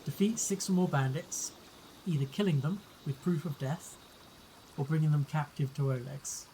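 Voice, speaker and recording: Gm doing a chill frontier quest guy, mellow and low-key, quiet hiss behind. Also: moderate pace, lightly acted, low-quality recording. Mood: businesslike.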